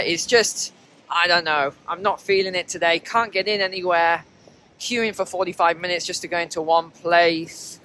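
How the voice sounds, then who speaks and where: A man with a bright, forceful, fairly high voice chats to his viewers while walking outdoors through snowy streets. His talk is loose and conversational, and a faint hiss sits under it. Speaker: vlogger. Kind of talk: walking travel vlog commentary. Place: outdoors on city streets in snow.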